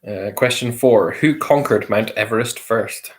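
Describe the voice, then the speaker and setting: A man with a slightly low voice hosts a casual quiz among friends. He reads each question at an easy pace and repeats it, with the odd light chuckle. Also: measured pace. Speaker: quiz host.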